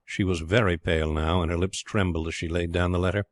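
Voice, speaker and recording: A man narrating an audiobook in a steady, clear storytelling manner. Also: low-pitched, fast talker, no echo. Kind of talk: scripted narration.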